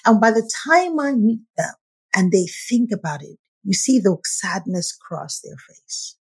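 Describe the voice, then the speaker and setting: A woman with a husky, slightly breathy voice talks as a podcast guest. She holds a middle pitch and speaks with the fervor of a preacher, quoting scripture as she goes. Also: measured pace. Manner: animated, preacher-like, quotes scripture. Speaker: guest, feminine leadership coach. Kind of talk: conversational interview.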